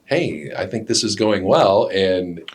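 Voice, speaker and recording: Deep-voiced man, dry podcast co-host. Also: lively intonation, slow pace, breathy edge. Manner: brief agreeing replies, dry quips. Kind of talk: casual business podcast chat.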